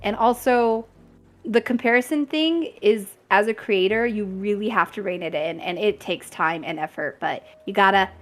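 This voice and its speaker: Upbeat woman guest on a stream, chatty, laughs a lot, mid pitch. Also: moderate pace, faint music behind. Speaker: guest content creator. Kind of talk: casual chat.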